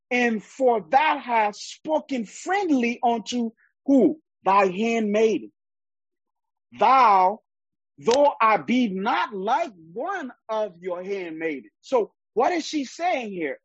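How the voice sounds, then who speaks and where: A woman's voice: on the high side, husky, no room sound. A woman teaching a Bible study in the style of a sermon, reading verses aloud and then explaining them with emphasis. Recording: dull, lo-fi sound.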